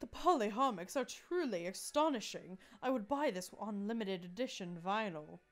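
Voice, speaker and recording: A woman's voice: medium pitch, expressive, moderate pace, faint music behind, lightly acted. A woman voicing a nerdy teenage vampire boy in a video game, dry and aloof.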